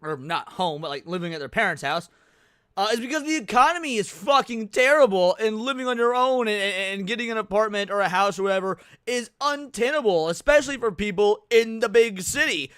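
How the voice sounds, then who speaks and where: High-voiced rambling male streamer. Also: lively intonation, brisk, fairly bright tone, smooth, no echo, clean studio sound. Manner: rambling, profane, joking, many restarts. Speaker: stream host reacting to videos. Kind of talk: casual live reaction stream.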